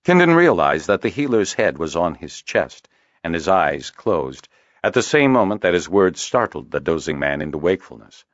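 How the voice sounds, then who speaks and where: A man narrating a fantasy audiobook in a measured storytelling manner. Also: sits low, sing-song, no room sound, muffled recording. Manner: measured storytelling, varied intonation. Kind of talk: scripted narration.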